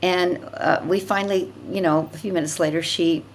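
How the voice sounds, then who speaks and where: A woman's voice: on the low side, steady tone, moderate pace, a little hiss or hum. An older woman, a podcast guest, telling a personal story in a vivid, emphatic way, often repeating words for effect.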